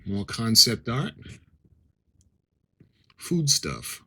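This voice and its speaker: A man's voice: mid-range voice, wildly swooping pitch, drawn-out words, sharp tone, slightly rough, rough recording. A middle-aged man giving casual unboxing commentary, reading captions aloud and adding chatty asides. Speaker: model-kit unboxing vlogger.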